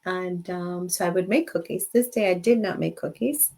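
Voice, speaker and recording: A woman's voice: on the low side, normal speed, warm tone. Bilingual woman hosting a casual live chat. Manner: switches between English and Spanish, storytelling with laughs. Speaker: host of a live show.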